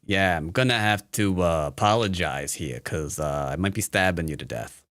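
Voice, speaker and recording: In a low, fairly bright voice at normal speed, a man from the United States teaches Go live. The studio-quality audio has no echo, and his talk is casual and playful, with jokes for chat plus rambling fillers and restarts.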